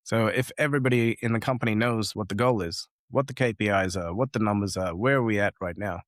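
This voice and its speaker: A man with a lowish voice shares business lessons over a video call, recorded close and dry in a home office. He tells stories with energy, acting out the people he talks about. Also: quick pace, no echo. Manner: animated storytelling, acts out quoted people. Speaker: guest entrepreneur. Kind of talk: conversational business advice. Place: home office with awards on wall.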